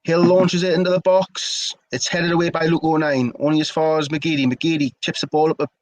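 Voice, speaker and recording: A man's voice: fairly high pitch, level tone, a little fast, no room sound. A young man giving play-by-play commentary of a football match for a fan stream, talking loosely and steadily.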